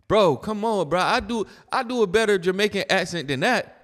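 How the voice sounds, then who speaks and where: A man's voice: high voice, expressive, normal speed, a bit bright, big-room sound. A man hosting a reaction video, giving blunt, mocking casual commentary on clips. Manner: blunt, mocking, keeps saying "bro".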